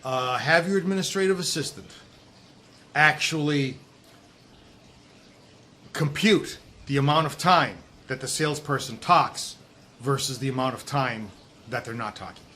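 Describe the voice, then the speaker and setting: A middle-aged man giving sales coaching to camera outdoors, talking emphatically with drawn-out stresses and dropping low at times. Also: sharp tone. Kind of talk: direct-to-camera coaching talk. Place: outdoors in a breezy warm place. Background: wind noise.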